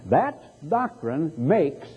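A man with a fairly high, husky voice preaches a sermon. He draws out the scripture he quotes and then drives his points home. The sound is thin and narrow, like a phone line. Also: big pitch swings, extremely slow, mellow, faint music behind.

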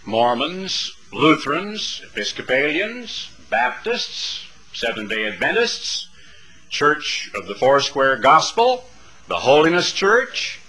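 A man's voice: a little high, sing-song, slow pace, pushed and bright, poor audio. A middle-aged man preaching a sermon to a congregation, building dramatic, rhythmic lists of phrases. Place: church sanctuary before a congregation.

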